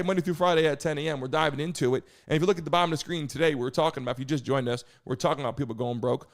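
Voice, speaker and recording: A man hosting a live stream, hyping the chat, shouting out viewers and talking loosely with some swearing. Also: high voice. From United States.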